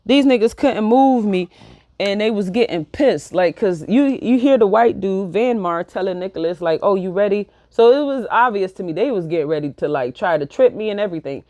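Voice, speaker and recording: A woman's voice: mid-range voice, animated, a little fast, warm tone, no echo. A woman around thirty telling a personal story in a casual vlog. She talks bluntly, swears freely and acts out what each person said. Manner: blunt, profane, acts out quoted dialogue. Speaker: vlogger.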